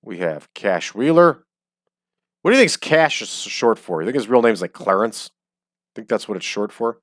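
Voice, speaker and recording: A man's voice: lowish voice, big pitch swings, normal speed, dry recording. Chatty man with a dry, close voice. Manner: chatty, jokey, with frequent ums. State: hiccups. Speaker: game streamer. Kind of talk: casual let's-play commentary. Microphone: desk microphone.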